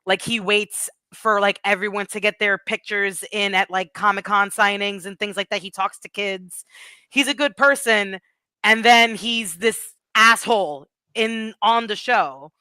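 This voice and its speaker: Woman rambling on about wrestling, bright clean voice, no room sound at all. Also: mid-range voice, measured pace, clear, resonant tone, no echo. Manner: gushing, rambling fan talk. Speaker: podcast guest. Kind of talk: casual chat.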